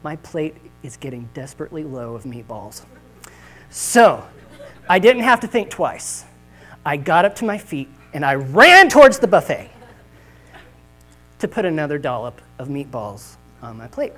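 A man's voice: fairly high pitch, unhurried, faint music behind, rough recording. A man preaching a sermon with humorous, folksy storytelling at a church service. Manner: animated, jokey, folksy.

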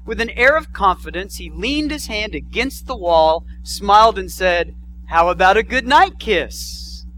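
A middle-aged man, a pastor, giving a sermon and telling a story with animated delivery. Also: high-pitched, unhurried, slight background noise, rough recording. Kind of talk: sermon with a told joke story.

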